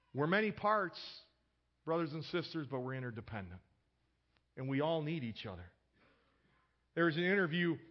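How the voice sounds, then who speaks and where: A pastor with a fairly high voice preaches a sermon in an easy, conversational style, sharing personal stories. He often restarts sentences by repeating a word, and the recording sounds dull and lo-fi.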